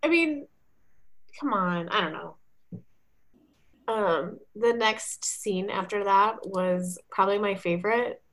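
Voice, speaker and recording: A woman's voice: mid-range voice, slow, pauses often, a bit bright. A woman in casual chat as a podcast co-host, talking in a chatty way with many fillers.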